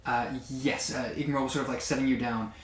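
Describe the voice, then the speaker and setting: A man's voice: mid-range voice, fairly even intonation, fairly quick. A man narrating a tabletop game as game master, with many fillers and a hesitant, casual delivery. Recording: echoey room.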